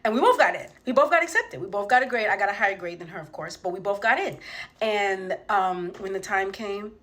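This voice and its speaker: A young woman spins a comic story from her own life in a loose, chatty way. She swears freely and jumps into the voices of the people she quotes. Her voice sits in an ordinary middle pitch. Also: fairly quick. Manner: animated, profane, acts out quoted voices. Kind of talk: casual comedic storytelling.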